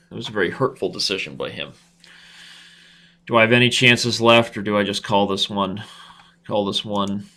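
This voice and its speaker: Brief: man, thirties, chess streamer, playful trash talk, bright forceful tone, slightly low voice. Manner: playful trash talk, talks to himself and viewers. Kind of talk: live chess commentary.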